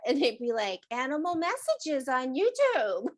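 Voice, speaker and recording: A woman's voice: high voice, very animated, a little slow, hardly any pauses. A middle-aged woman hosting a show about animal messages, talking casually, laughing often and slipping into playful voices. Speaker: animal communicator host. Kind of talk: casual chat.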